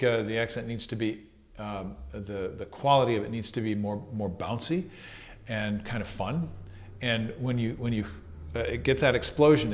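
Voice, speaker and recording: A man giving a casual trumpet lesson, thinking aloud with fillers and sometimes singing syllables to show phrasing. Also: mid-range voice. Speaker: trumpet teacher.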